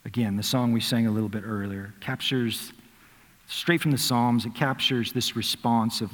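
Earnest pastor preaching in a reverberant hall. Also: male voice, mid-range voice, fairly even intonation, moderate pace. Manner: storytelling, earnest, with soft reflective drops. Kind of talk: sermon.

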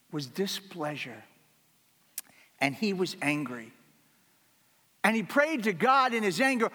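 A man with a notably high voice delivers a sermon from the pulpit. He speaks earnestly and repeats his key lines for emphasis. His voice carries a long reverb, as if filling a large church hall. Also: a bit bright. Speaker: pastor.

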